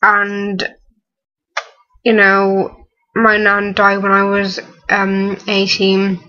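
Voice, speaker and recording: A young woman in her early twenties, close to tears, talking haltingly with many fillers and restarts in a personal vlog. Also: medium pitch, monotone, sharp tone, lo-fi sound. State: on the verge of tears. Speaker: vlogger.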